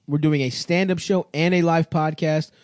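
The voice is male, fairly high, and darkish, with fairly even intonation at a normal speed, captured in clean studio sound without room noise. He's a podcast host and touring comedian, bantering crudely and joking as he lists his tour dates.

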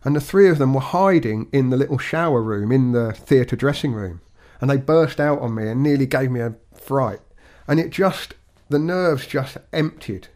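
A man co-hosting a podcast, talking in a measured, reflective way with frequent restarts. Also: medium pitch, darkish tone. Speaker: podcast co-host.

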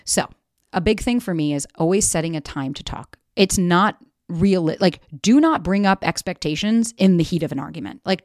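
A woman with a fairly low voice speaks on a podcast in a frank, emphatic way and swears freely. Her voice is close to a podcast mic and sounds dry. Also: expressive, a little fast, no room sound. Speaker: podcast host and dating coach. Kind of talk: candid podcast monologue.

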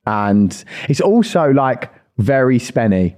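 A man's voice: mid-range voice, sing-song, slow, darkish tone. A young man co-hosting a podcast, telling stories in a chatty way and swearing casually. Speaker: podcast co-host. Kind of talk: casual chat. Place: podcast studio.

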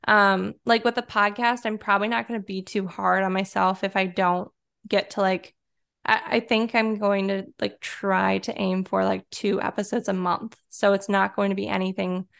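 Woman, Detroit accent, podcast guest, gravelly, smooth, casual filler-heavy chat. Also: medium pitch, moderate pace. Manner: relaxed, chatty, filler-heavy with frequent likes and ums.

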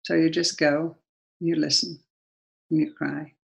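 A woman's voice: low voice, little pitch movement, measured pace, gravelly, rough recording. A woman with an English accent, a guest sharing a personal story earnestly and then leading a prayer. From England.

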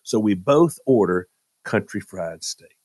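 A man's voice: fairly low pitch, lively intonation, measured pace, slightly rough, no room sound, studio quality. A man telling a comic story on a radio show, dramatic and exasperated as he relives it. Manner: dramatic, jumps into loud exasperated retellings.

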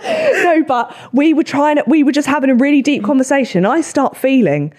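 A young woman, hosting a podcast and telling stories in casual chat, swearing freely. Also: high-pitched. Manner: swearing, quick animated storytelling. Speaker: podcast host.

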